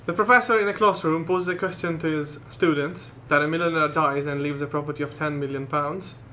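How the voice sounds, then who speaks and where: A young man telling a long joke in a brisk storytelling way. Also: on the high side, steady tone, sharp tone, slight background noise. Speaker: stand-up comedian.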